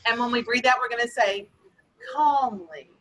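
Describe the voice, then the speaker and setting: A woman teaching young children in a classroom, patiently asking questions and slowly explaining vocabulary. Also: a little high, fairly bright tone, poor audio. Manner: patient, questioning, slow and encouraging. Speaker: elementary school teacher. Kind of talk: classroom lesson.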